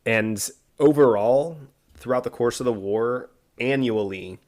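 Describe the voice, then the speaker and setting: A man co-hosting a podcast, telling a history story in a relaxed way with asides and fillers. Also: medium pitch, measured pace. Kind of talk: casual history podcast narration.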